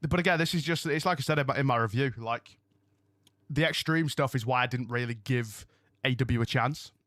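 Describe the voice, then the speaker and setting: This man runs a casual live-stream wrestling watch-along from his home, talking loosely with his audience and often forgetting what he was saying. He speaks briskly at a medium pitch, sounding a bit bright, and the studio-clean recording has no echo.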